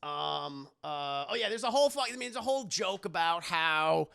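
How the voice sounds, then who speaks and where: Animated, profane male streamer. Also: on the high side, normal speed, gravelly, clear, resonant tone, no echo. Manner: animated, profane, talks to chat. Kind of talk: casual profane film recap.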